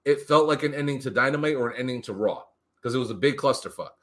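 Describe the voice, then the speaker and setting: Bright-voiced animated man. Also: mid-range voice, fast talker. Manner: animated, profane, acts out quotes. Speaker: podcast co-host. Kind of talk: casual wrestling chat.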